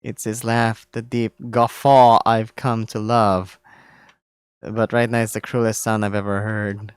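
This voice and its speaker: A naive, anxious young male deer, as a man reads his inner monologue aloud in a visual novel. He sounds dramatic and despairing and speaks slowly. The recording is dry and close. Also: lowish voice, little pitch movement, smooth, dry recording, pitched below the performer's own voice, natural voice.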